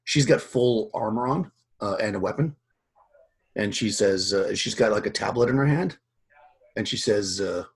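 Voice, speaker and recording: Male game master, low husky voice, loose rambling narration. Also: normal speed. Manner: relaxed, rambling with fillers.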